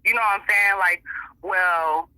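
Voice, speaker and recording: A woman's voice: medium pitch, expressive, moderate pace, bright, forceful tone, husky, no room sound, rough recording. A woman being interviewed, telling a story in casual, emphatic, profane talk and acting out what other people said. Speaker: interview guest.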